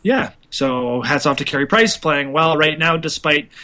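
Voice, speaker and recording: A man's voice: fairly high pitch, expressive, normal speed, bright, forceful tone. A young man co-hosting a casual hockey podcast, talking loosely with lots of fillers and laughter. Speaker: podcast co-host.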